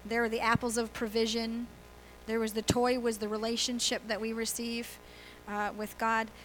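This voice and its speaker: A woman's voice: on the high side, flat delivery, normal speed, slight background noise, poor audio. A woman pastor giving a conversational sermon, asking the congregation questions and laughing easily. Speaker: guest pastor.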